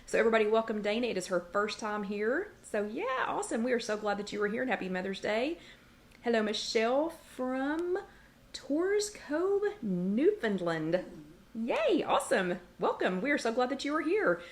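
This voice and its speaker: A woman's voice: on the high side, big pitch swings, fast, hardly any pauses. Chatty woman hosting a livestream. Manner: chatty, greets viewers by name and reads their comments aloud; breaks off to scold her dog. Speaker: host of a weight-loss support livestream. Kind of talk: casual livestream chat. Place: home kitchen.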